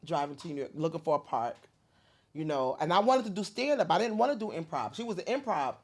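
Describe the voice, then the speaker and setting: A woman comedian from New Jersey, telling animated, colorful stories in a casual interview and swearing freely. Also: deep voice, fast. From Paterson, New Jersey. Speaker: comedian and guest.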